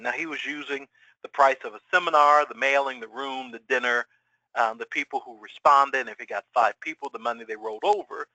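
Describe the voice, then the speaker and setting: A middle-aged man giving a webinar presentation to financial advisors, energetic and full of rhetorical questions. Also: mid-range voice, fast, no echo, poor audio. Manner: energetic, rhetorical questions, acts out quoted clients.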